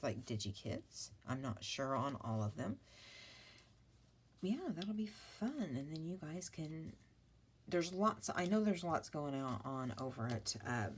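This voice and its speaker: A woman's voice: low voice, slight background noise. A middle-aged woman chatting through a crafting vlog, rambling and apologizing with self-mocking asides. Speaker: papercraft vlogger. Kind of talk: casual crafting vlog chat.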